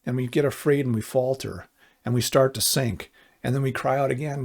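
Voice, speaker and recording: A middle-aged male pastor with a gravelly, husky voice delivers a sermon. He speaks earnestly and conversationally, then slows into emphatic appeals. His pitch sits at an ordinary middle height. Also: a little mellow.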